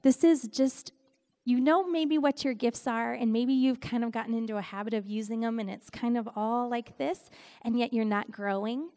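A middle-aged woman giving a conversational sermon, telling stories in an animated way with frequent laughs. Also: on the high side, moderate pace. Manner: animated storytelling, laughs often. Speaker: Christian speaker and worship leader.

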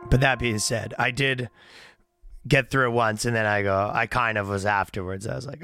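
A man, a comedian guest, telling a rambling, halting story in casual chat and laughing at his own words. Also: mid-range voice, steady tone, creaky, sharp tone, faint music behind.

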